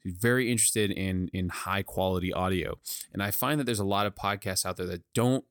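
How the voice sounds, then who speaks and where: A man, a guest on a podcast, chatting casually and excitably in quick bursts into a studio mic with a pop filter. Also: sits low, clear, resonant tone, no room sound. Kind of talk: casual chat. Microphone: studio mic with pop filter on a swinging arm.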